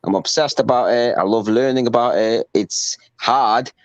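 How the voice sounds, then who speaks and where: A man's voice: mid-range voice, normal speed, no echo, dull audio. A man chatting as a guest on a livestream, eager and rambling, repeating "you know" often. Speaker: chat guest. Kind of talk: casual group chat.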